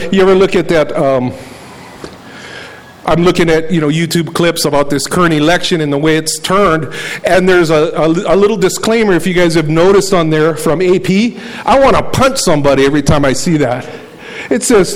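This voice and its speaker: A man's voice: high voice, expressive, moderate pace, poor audio. A man preaching a sermon in a conversational, fervent way, often repeating words as he searches for them. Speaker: pastor.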